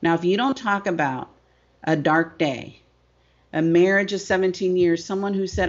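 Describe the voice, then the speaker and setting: A woman's voice: on the low side, normal speed. Emphatic woman coach on a dull line. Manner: emphatic, repeats phrases, asks "right?" often. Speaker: guest business coach. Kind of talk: animated interview storytelling. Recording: dull lo-fi sound.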